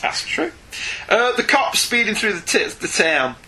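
A man co-hosting a casual comics podcast, animated and often laughing, with quick asides. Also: sits high. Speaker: podcast co-host. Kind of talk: casual chat about comics.

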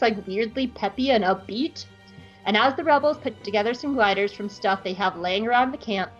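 A woman hosting a podcast, giving a snarky, joking episode recap in a fairly high, lively voice. Her pitch bounces around a lot. The audio is a little dull, with faint music behind her. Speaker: podcast host.

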